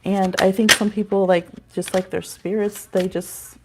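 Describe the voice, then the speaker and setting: Chatty woman with vocal fry. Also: medium pitch, level tone, normal speed, a little mellow, a little hiss or hum. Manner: chatty and rambling, often laughing. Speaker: astrology and tarot reader hosting a live stream. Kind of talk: casual live-stream chat.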